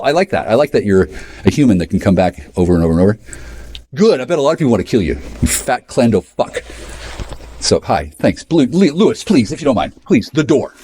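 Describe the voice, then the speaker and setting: A man ranting alone to camera as a vlogger, profane and agitated, addressing someone who isn't there and swinging between raised outbursts and low muttering. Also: a little mellow. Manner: profane, agitated, talks to an unseen person. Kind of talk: rambling solo rant to camera.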